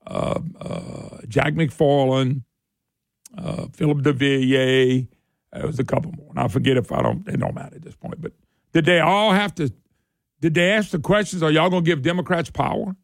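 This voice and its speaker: A man's voice: medium pitch, big pitch swings, normal speed, vocal fry, dry recording, clean studio sound. A man hosting a political talk radio show, combative, sarcastic and folksy in his delivery.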